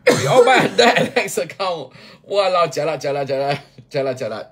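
Husky, lively Singaporean man in his fifties. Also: a little high, brisk. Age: 50s. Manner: playful, teasing, exaggerated pleading. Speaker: live-stream seller. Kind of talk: casual live-sale chat.

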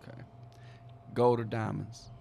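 A man's voice: lowish voice, little pitch movement, unhurried, vocal fry, dark tone, slight background noise. A man hosting a podcast, asking his guest questions in an easygoing chat. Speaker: podcast host. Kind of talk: casual chat.

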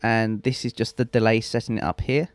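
A man's voice: fairly low pitch, level tone, a little fast, clean tone, no room sound. Rambling young man, dry close mic. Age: young adult. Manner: rambling, self-mocking, swears freely. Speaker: let's play host. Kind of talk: casual gameplay commentary.

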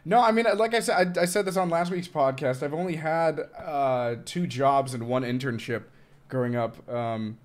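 A man's voice: mid-range voice, normal speed. A man hosting a podcast, chatting easily about his past. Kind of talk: casual chat.

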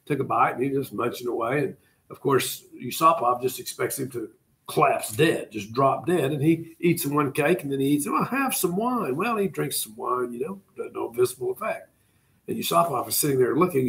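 A male teacher telling a history story to a class in a classroom, animated and dramatic in delivery. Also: medium pitch, gravelly, slight background noise.

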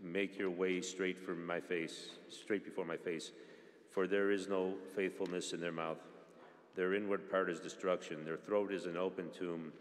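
Deep flat-voiced man reading psalms in church. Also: moderate pace. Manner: steady reading with small slips and restarts. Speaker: church reader. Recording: long church reverb.

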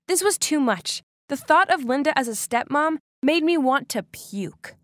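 Expressive young woman storyteller. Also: high voice, measured pace, no room sound, studio quality. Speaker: narrator. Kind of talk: scripted first-person story narration.

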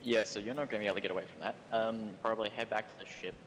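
A man playing a game with friends, calm and matter-of-fact. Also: on the low side, racing, a little hiss or hum, poor audio. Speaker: fellow player. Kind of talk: casual gaming chatter.

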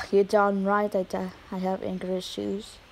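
A woman's voice: mid-range voice, monotone, takes it slowly, creaky, rough recording. A woman voicing a sulky male echidna with anger issues in a homemade toy skit, mumbling and sighing.

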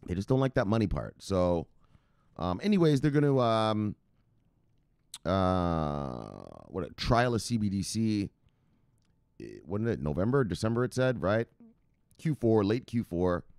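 A man's voice: lowish voice, expressive, measured pace, long pauses, a little mellow, clear, resonant tone, dry recording, studio quality. A man hosting a crypto news show, rambling casually with profanity and hype outbursts.

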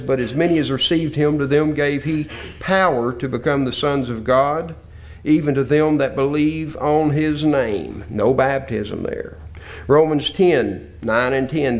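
A man preaching a sermon lesson in an earnest, scripture-quoting way, often repeating himself. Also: on the high side.

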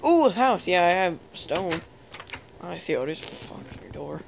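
A man's voice: high voice, expressive, a little slow, creaky, a little hiss or hum, poor audio. A man hosting a casual gaming chat, teasing his friend and laughing constantly. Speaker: channel host.

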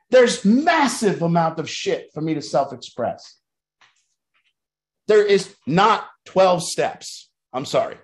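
A middle-aged man leading a recovery program, talking bluntly and emphatically with plenty of swearing. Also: high voice. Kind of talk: motivational talk.

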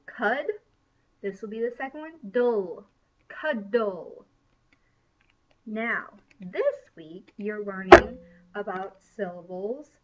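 Slow, encouraging woman teacher. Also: on the high side. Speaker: first grade teacher. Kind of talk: recorded classroom lesson. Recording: dull sound from a distance.

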